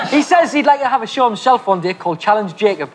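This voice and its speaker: A man co-hosting a live children's TV show, reading out viewers' letters and teasing his partner with deadpan jokes. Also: sits high. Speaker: children's TV co-host. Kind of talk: playful live studio banter. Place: TV studio.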